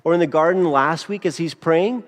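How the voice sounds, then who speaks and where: A male pastor delivering a sermon in a relaxed, conversational way, often checking in with the room with quick rhetorical asides. His voice sits a little high for a man, and it rings out with the long reverb of a church sanctuary.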